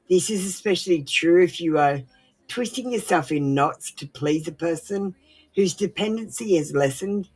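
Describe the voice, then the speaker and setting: A woman's voice: low voice, darkish tone, breathy edge. A woman giving frank, casual advice on a tarot livestream while feeling unwell, swearing freely and dropping in many fillers.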